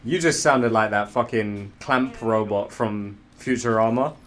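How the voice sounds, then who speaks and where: A young man chatting casually while gaming on his stream, joking and swearing, yelling during fights. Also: lowish voice, unhurried.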